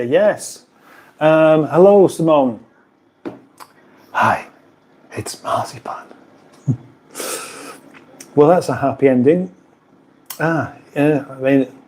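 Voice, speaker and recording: A man's voice: fairly high pitch, darkish tone. A British man hosting a casual live stream from a kitchen, chatting in a rambling way and reading out viewer comments. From United Kingdom.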